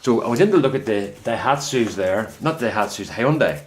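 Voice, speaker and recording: A Northern Irish man with a lowish, expressive voice talks fairly quickly in a casual vlog from his greenhouse. He tells a story in a rambling way, correcting himself as he goes.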